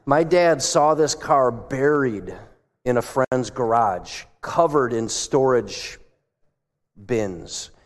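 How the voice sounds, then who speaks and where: Taking his time, a male pastor speaks at medium pitch with lively intonation. His church sermon, heard through long hall reverb, mixes conversational storytelling with questions aimed at the congregation.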